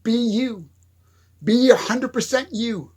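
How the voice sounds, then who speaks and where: A man's voice: very high voice, slow, a little mellow, slightly rough. A man giving an emphatic, repetitive motivational monologue, addressing the listener directly. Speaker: motivational speaker.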